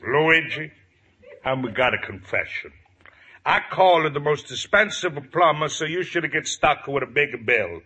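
A scheming Italian shopkeeper, bright lively voice, Italian accent, broken English, 1940s radio sitcom. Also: male voice, on the high side, unhurried, husky, full character voice. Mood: wheedling. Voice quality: broken English, wheedling and blustering. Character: scheming, blustering Italian shopkeeper man, middle-aged.

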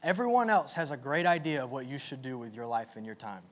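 A man preaching a sermon to a live audience in an animated, energetic way, with call-and-response. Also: medium pitch, fast talker. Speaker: pastor.

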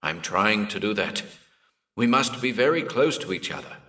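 A man's voice: on the low side, expressive, normal speed, sharp tone, far from the mic. A man voicing a bewildered grown man lost in warped space, talking in an urgent, shaken way in an audiobook reading. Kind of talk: audiobook character voice.

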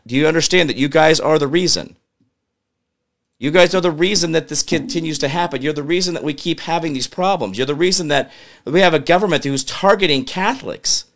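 A man's voice: fairly high pitch, fairly bright tone. A man hosting a political commentary show, ranting in an exasperated way and firing questions at his audience. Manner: mutters to himself while working a computer. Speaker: show host.

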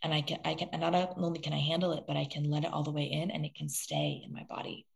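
Woman, deep voice, gravelly fry, earnest heartfelt storytelling, rambling restarts, podcast guest. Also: lively intonation, quick pace. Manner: swears when moved. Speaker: guest, self-love coach.

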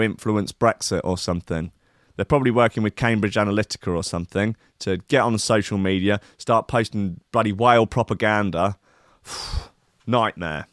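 A man's voice: on the low side, fairly bright tone, no echo, studio quality. Sweary man ranting. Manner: sweary, sardonic, mock-outraged. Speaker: radio show host. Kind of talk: comic rant reading news.

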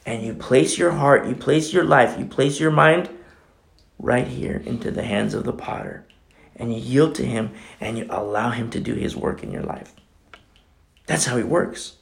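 A man's voice: mid-range voice, lively intonation, normal speed, vocal fry. A man preaching a sermon as pastor, impassioned and conversational, talking straight to the congregation with many fillers.

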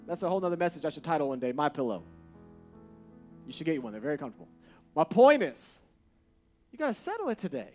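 A man preaching a sermon, repeating short refrains and building to loud, emphatic peaks. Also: a little high, expressive, fairly quick. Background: soft guitar music.

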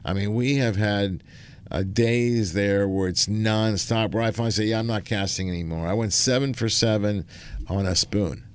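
A man's voice: fairly low pitch, steady tone, normal speed, smooth. A man co-hosting a fishing talk show, chatting casually and telling stories with lots of fillers. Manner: enthusiastic storytelling with fillers. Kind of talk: casual chat.

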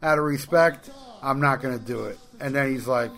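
Male podcast co-host, bright tone, rambling casual storyteller. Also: mid-range voice, brisk. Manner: rambling anecdotes with restarts and profanity.

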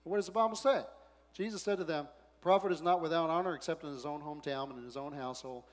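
A man pastor preaching a sermon, reading scripture quietly, then rising into loud, excited preaching. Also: a little high, fast talker, big-room sound.

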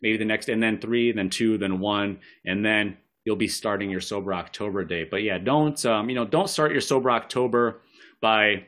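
A man's voice: on the low side, steady tone, normal speed, fairly bright tone. A man speaking as a podcast guest, giving casual, rambling advice and often correcting himself with a joking tone. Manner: rambling, self-correcting, jokey.

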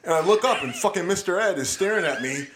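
A man co-hosting a podcast, telling a story in an animated, profane way. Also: sits high, fast. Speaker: podcast co-host. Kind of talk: casual storytelling. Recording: background hiss.

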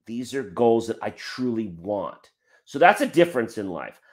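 A man's voice: mid-range voice, very animated, moderate pace. A man speaking as a motivational speaker on a livestream, urging viewers directly and plainly.

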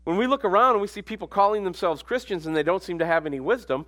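A man preaching in a loose, conversational sermon style. His voice sits a little high for a man. He slips into soft asides, then rises into emphatic, stressed lines. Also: animated, quick pace. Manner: conversational, swings between quiet asides and emphatic raised lines.

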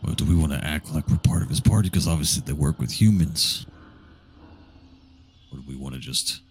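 A man with a very deep voice plays a tabletop game, asking careful questions. He talks slowly and hesitantly, feeling his way through each point. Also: slight background noise. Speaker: player. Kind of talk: casual tabletop play.

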